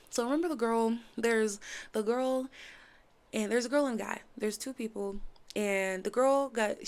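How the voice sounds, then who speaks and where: A woman reviewing a series in casual chat, animated, acting out characters' lines as she recaps. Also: a little high, gravelly. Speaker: show reviewer.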